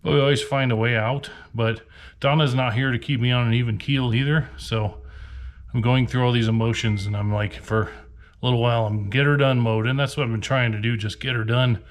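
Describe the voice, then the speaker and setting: A man's voice: medium pitch, steady tone, brisk. A man from Nebraska who resells for a living, venting to the camera in a tired, frustrated, rambling rant inside a storage unit. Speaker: reseller vlogger.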